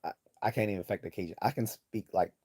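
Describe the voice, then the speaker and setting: Man, livestream host, low pitch, very dark mellow tone, blunt profane rambling commentary. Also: quick pace, breathy edge. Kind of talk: opinionated live commentary reading chat.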